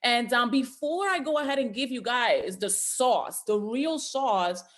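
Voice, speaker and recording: A woman's voice: fairly high pitch, lively intonation, measured pace. Emphatic woman giving a motivational talk. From the Bronx, New York. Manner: emphatic, storytelling, addresses "ladies and gentlemen". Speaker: guest speaker and motivational educator. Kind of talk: motivational talk on a video call. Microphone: video call.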